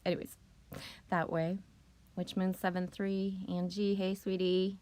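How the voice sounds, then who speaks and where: A woman's voice: lowish voice, flat delivery, measured pace, warm tone. A middle-aged woman chatting casually on a live stream, loose, profane and rambling as she greets viewers.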